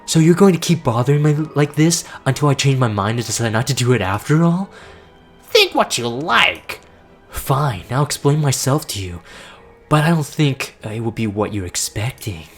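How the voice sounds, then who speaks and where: A man voicing a cold, weary young male traitor mage in a flat, solemn way. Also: mid-range voice, normal speed, soft background music, close to an everyday voice. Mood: grim.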